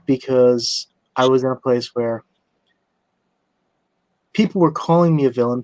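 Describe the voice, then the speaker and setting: Measured man with a mid-range voice. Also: mid-range voice, darkish tone, no room sound. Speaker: host. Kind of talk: casual conversation.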